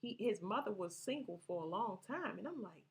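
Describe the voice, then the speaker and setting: A woman's voice: medium pitch, lively intonation, a little fast, vocal fry. Woman vlogger: casual, rambling storyteller, salty language, mid-range voice. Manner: rambling, profane, laughs while telling. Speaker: vlogger telling personal stories.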